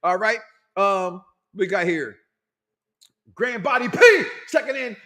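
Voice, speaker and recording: Loud excitable guy hosting a talk show, kinda high voice, jumps all over the place. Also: slow. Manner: loud, animated, laughing, reading chat comments. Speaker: podcast host. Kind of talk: casual wrestling talk show.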